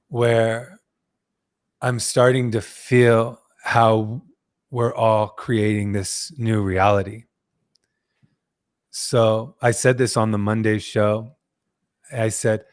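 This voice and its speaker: A man hosting a podcast, speaking in slow, earnest spiritual musings. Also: lowish voice. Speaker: host.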